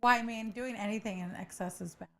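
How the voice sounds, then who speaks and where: A woman's voice: mid-range voice, fast talker, crowd noise. A woman appearing as a spiritual guest on a podcast, blunt and joking, swearing freely in casual chat.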